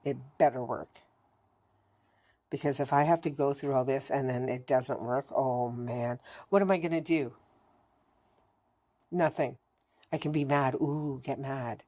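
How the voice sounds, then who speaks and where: A woman's voice: very deep voice, a little slow, pauses often, mellow. A woman recording a candid personal video diary, talking bluntly, swearing heavily and rambling with many restarts. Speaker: vlogger.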